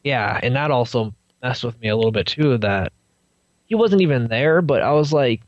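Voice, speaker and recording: A man's voice: medium pitch, moderate pace, dry recording, highs cut off. A young man, a podcast guest, telling his own story and acting out what people said. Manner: animated storyteller acting out quotes. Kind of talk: recounting a personal story.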